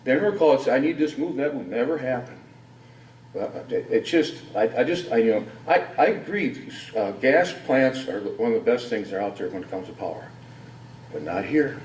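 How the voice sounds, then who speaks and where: Indignant man with a lively voice. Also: medium pitch, a little fast, a little hiss or hum. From Wisconsin. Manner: rambling, indignant, full of rhetorical questions. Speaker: resident giving public comment. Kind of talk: unscripted public hearing comment. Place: public hearing room. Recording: echoey hall from far off.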